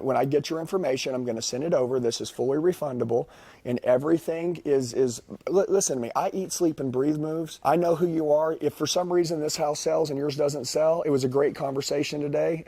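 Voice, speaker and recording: Dark husky insistent salesman. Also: a little high, a little fast, no echo. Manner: rambling, insistent, persuasive. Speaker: salesman on a phone call. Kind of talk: high-pressure sales pitch.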